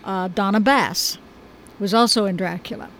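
An American woman speaks in an easygoing, thoughtful way about directing a play, now and then slipping in a dry joke. Her voice sits at an ordinary middle pitch. A faint hum of noise lies under her words. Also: normal speed, poor audio. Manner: chatty, thoughtful, gently humorous. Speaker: stage director. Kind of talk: conversational interview.

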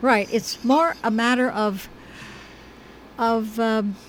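An American woman, a stage director, talking through her production in a thoughtful, chatty interview with a gentle humor. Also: on the high side, steady tone, takes it slowly, slight background noise, low-quality recording. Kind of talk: conversational interview.

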